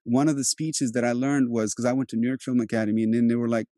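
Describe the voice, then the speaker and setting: A man's voice: medium pitch, fairly even intonation, quick pace, dark tone, no room sound, studio quality. A man raised in Europe, an actor, talking in a loose, rambling casual conversation with many restarts. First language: Turkish. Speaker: actor and host.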